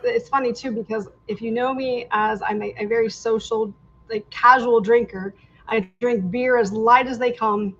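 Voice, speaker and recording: Animated storytelling woman, lo-fi sound. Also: on the high side. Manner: animated storyteller, acts out quoted dialogue. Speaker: podcast guest, real estate agent. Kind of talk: casual storytelling interview. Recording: dull lo-fi sound with faint noise.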